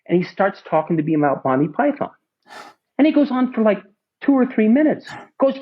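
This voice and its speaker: Husky middle-aged man telling rambling stories. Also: high voice, very animated, fairly quick, lo-fi sound. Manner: rambling, lots of restarts and asides. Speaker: film crew key grip, interviewee. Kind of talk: anecdotal storytelling.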